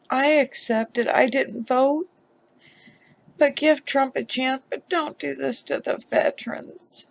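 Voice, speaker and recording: A woman vlogger giving emotional commentary on a news story, upset and halting, with sighs. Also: high-pitched, fairly even intonation, vocal fry.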